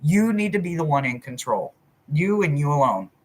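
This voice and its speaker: A woman with a low voice and normal speed hosts a casual live chat as a spiritual reader. Her delivery to viewers is direct, blunt and animated, full of swearing, and it swings between loud and soft.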